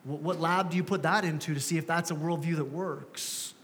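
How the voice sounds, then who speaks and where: High-voiced pastor in a reverberant church. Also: male voice, fairly even intonation, fairly quick, a bit bright, a little hiss or hum. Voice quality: conversational, self-deprecating humor. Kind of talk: sermon. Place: church sanctuary.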